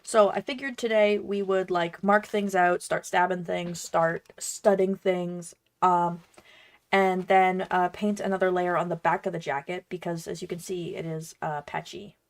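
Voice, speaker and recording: Crafting as she talks, a cosplayer and streamer keeps up a casual, bubbly chatter that rambles and pokes fun at herself. She speaks at a measured pace in a fairly low voice with fairly even intonation.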